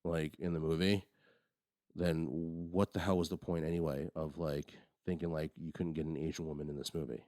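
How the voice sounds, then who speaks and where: A man with an extremely deep voice talks through a movie review in a loose, rambling way, often restarting his sentences. The recording is dry and close, with no room sound. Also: level tone, moderate pace, dark tone, dry recording. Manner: rambling, frequent restarts and fillers. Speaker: podcast co-host. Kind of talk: casual movie review chat.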